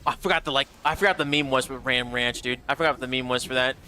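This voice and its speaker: A man's voice: medium pitch, steady tone, fast, bright, forceful tone, clean tone. A young man streaming a game live, chatting casually with viewers, swearing often and reading out chat. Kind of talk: casual livestream chat while gaming.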